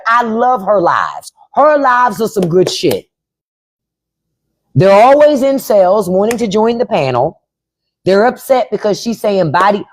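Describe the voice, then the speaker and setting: Blunt, lively-voiced woman livestreamer. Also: medium pitch. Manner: blunt, profane, repeats herself for emphasis; reads out chat and spells names. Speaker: podcast host. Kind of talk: casual live-stream chat.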